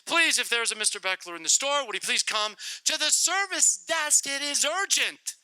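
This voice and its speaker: A man putting on the voice of a store clerk making formal, insistent loudspeaker announcements. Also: extremely high pitch, expressive, moderate pace, no echo, voice pushed up, heavily acted, low-quality recording. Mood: polite announcing. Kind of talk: comic storytelling impression.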